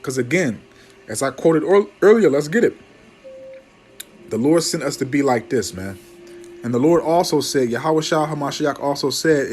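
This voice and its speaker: A man's voice: a little high, animated. Male preacher with a raised voice, rebuking and emphatic, stutters when fired up, faint music underneath. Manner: scolding, emphatic, calls listeners man; reads verses slowly and loudly. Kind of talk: fiery scripture teaching.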